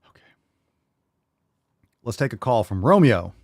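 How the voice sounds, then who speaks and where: A young man hosting a live call-in fitness show, answering questions casually with bursts of loud, swearing hype. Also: deep voice, lively intonation, a little fast, long pauses, noisy background. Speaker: podcast host.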